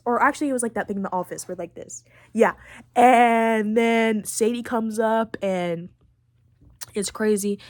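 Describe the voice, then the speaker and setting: A woman's voice: medium pitch, no room sound, clean studio sound. A young woman hosting a podcast, rambling through a casual recap with lots of fillers and plenty of feeling. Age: late teens. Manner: rambling, heavy on fillers, emotional about the story. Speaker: podcast host.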